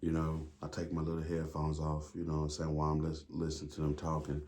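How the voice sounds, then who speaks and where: Low mellow-voiced dude rambling thru a storytime, slangy and cussing a lot. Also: male voice, monotone, quick pace. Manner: slangy, profane, rambling with fillers. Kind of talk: casual storytime monologue.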